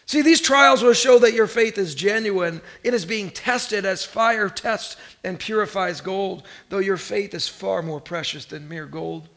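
A pastor from Northern California delivers a sermon in a noticeably high voice for a man. He talks casually but with emphasis, often repeats his phrases, and calls on the congregation to respond. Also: creaky, fairly bright tone.

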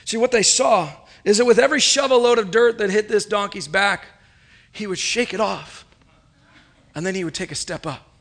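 High-voiced man preaching a sermon. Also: normal speed, fairly bright tone. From United States. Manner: preacherly, rising and falling, asks the congregation questions. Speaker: pastor. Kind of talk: sermon with storytelling.

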